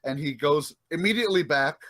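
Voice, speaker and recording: Young male podcast co-host, relaxed and profane, laughs easily. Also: fairly high pitch, fairly quick. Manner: laughing, profane, playfully quoting wrestlers. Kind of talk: casual chat.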